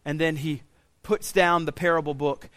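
A pastor preaching a sermon in a church, swinging from quiet intensity to loud, raised pleading. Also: male voice, on the high side, steady tone, moderate pace, no room sound. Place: church sanctuary.

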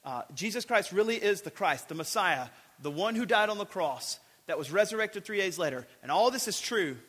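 Man, sermon, high-pitched, repeats phrases for emphasis, long hall reverb. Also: a bit bright. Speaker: preacher.

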